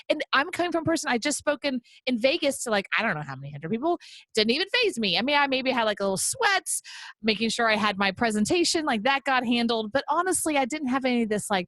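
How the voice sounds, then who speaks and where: A woman hosting a casual interview, animated and self-deprecating, repeating her phrases for emphasis. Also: sits high, fast, no room sound. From American South. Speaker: host.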